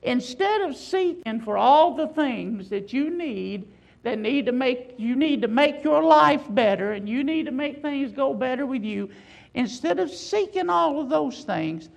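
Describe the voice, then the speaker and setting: Woman preacher, high pitched and gravelly, firing off rhetorical questions in a sermon. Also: lively intonation, a little slow, lo-fi sound. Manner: emphatic, full of rhetorical questions.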